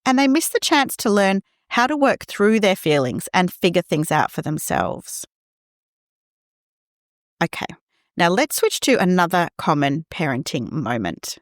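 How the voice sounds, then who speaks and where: A woman hosting a parenting podcast, talking gently and reassuringly, acting out quoted lines in a scripted monologue. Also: on the low side, big pitch swings, measured pace, dry recording, clean studio sound.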